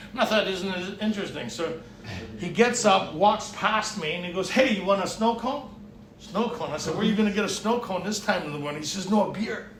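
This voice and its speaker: At a recovery retreat, a man gives a personal testimony, acting out the dialogue and laughing often. His high-pitched voice is a bit bright, caught by a distant mic in an echoey meeting room with slight background noise.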